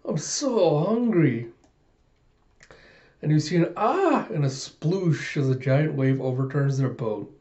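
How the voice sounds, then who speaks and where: A man casually reviewing a comic chapter, retelling scenes with chuckles and animated voices, on a slightly dull recording. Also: mid-range voice, moderate pace, hardly any pauses. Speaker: manga reviewer.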